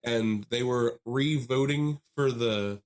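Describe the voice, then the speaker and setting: A man co-hosting a podcast, telling a long story in casual chat with lively animation, often laughing and mimicking the people he quotes. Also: medium pitch, slow pace. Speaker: podcast co-host.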